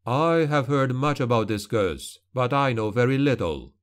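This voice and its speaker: A man voicing a cold, commanding male witch hunter who speaks slowly and with measured authority. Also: medium pitch, lively intonation, close to an everyday voice. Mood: stern.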